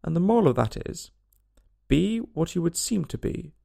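A man's voice: fairly high pitch, big pitch swings, normal speed, creaky, warm tone, pitched above the performer's own voice, full character voice. A man doing a preachy, sing-song old duchess. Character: fussy, moralizing old duchess.

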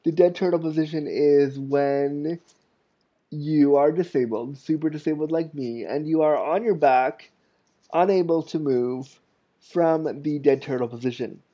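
Unhurried and slightly high-voiced, a man in his thirties hosts a podcast, chatting easily through honest tales at his own expense. The recording has its high frequencies cut off.

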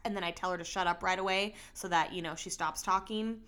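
A young woman talks through her podcast in a loose, rambling way. Her voice is bright and forceful, and it jumps up in pitch and volume when she stresses a point. She keeps things casual and chatty, as if talking to friends. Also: quick pace. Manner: chatty, rambling, animated with bursts of emphasis. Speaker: podcast host. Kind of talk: casual solo podcast chat.

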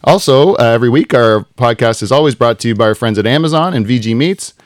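A man's voice: mid-range voice, lively intonation, fast talker, dry recording, studio quality. Laid-back joking man host. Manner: joking, rambling, loose. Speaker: podcast host. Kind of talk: casual chat.

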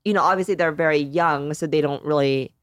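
A woman's voice: deep voice, brisk, no room sound, clean studio sound. A woman in her thirties co-hosting a podcast, chatting casually and emotionally, with lots of "like"s. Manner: emotional, grateful, rambling with many "like"s. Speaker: podcast co-host. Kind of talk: casual chat.

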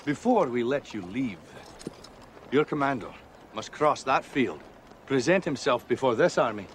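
A man plays a defiant Scottish rebel leader in a film scene, commanding and mocking as he taunts an enemy army. His voice swings up and down with lively energy. Faint outdoor noise sits behind him. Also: medium pitch, measured pace, natural voice.

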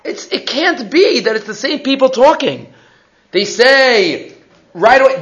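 A man teaching a Torah portion class, animated and full of rhetorical questions, mixing Hebrew terms into his English. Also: very high-pitched, a little slow, dull audio.

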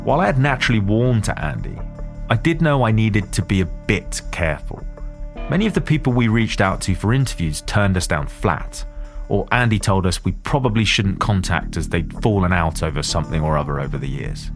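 Southern english guy hosting a podcast, lowish voice that moves around a lot, friendly. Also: sing-song, brisk, vocal fry, soft background music. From southern England. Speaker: host and journalist. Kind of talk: podcast narration and interview.

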